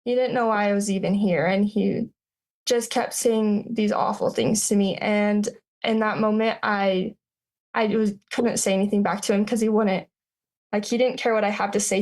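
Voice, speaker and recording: A young woman in her twenties tells her own story as an interview guest. Her voice has a noticeable gravelly fry, and her pitch sits mid-range for a woman. She talks in a halting way, full of fillers and restarts. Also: a little mellow. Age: 20s. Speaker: podcast guest.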